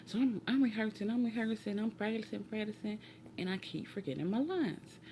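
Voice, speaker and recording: Animated gravelly-voiced woman telling a story. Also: mid-range voice, brisk, slight background noise. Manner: animated, acts out quoted voices, drops to hushed asides. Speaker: storytime vlogger and mother. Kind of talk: casual storytelling. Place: home.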